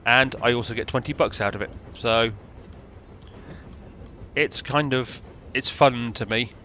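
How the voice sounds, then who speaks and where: Middle-aged British male game commentator, dry sarcasm, bright voice, faint noise behind. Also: medium pitch, unhurried. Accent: British English. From Britain. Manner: dry, sarcastic, rambling asides. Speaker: gameplay commentator. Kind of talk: casual gameplay commentary.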